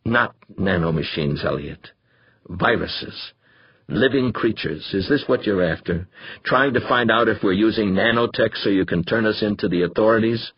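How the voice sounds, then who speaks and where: A man's voice: big pitch swings, a little fast, breathy edge, dry recording, highs cut off, heavily acted. A man doing a bitter, cursing biologist. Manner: curt, swearing, low and tired. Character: bitter, crude male biologist.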